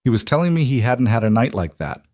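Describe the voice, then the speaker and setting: A man voicing a middle-aged mafia boss who speaks in a quiet, measured, reflective way. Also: mid-range voice, big pitch swings, no echo, clean studio sound, close to an everyday voice.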